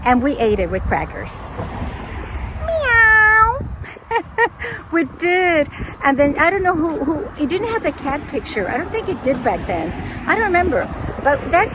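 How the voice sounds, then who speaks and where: Excitable Cuban-accented woman walking outdoors. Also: high-pitched, moderate pace. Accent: Cuban Spanish. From Cuba. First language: Spanish. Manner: chatty, rambling, excitable, often interrupts herself. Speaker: vlogger. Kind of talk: casual walking vlog. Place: outdoors on a lakeside path. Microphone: phone held while walking. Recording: outdoor traffic noise.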